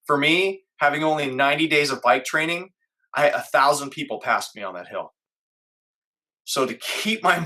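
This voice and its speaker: A man's voice: fairly high pitch, bright, forceful tone. A middle-aged man, a guest on an interview show, earnestly telling a personal story and acting out his own inner voice.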